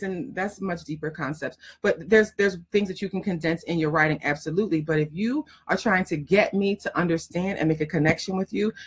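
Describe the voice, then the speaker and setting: A woman's voice: medium pitch, breathy edge. A woman writing coach giving casual, direct teaching talk, emphatic and frank, laughing often.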